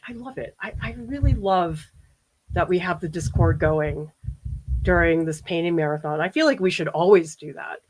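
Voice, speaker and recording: A woman's voice: on the low side, a little mellow. A woman art professor from the US East Coast, chatting casually with viewers during a livestream painting demo and often laughing as she reads their comments aloud.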